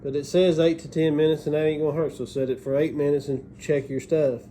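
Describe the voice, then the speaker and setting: Middle-aged home-cook host, warm dark tone, loose folksy instructions, repeats himself. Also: male voice, fairly high pitch, little pitch movement, a little fast, a little hiss or hum. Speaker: cooking show host. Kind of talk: casual cooking instruction.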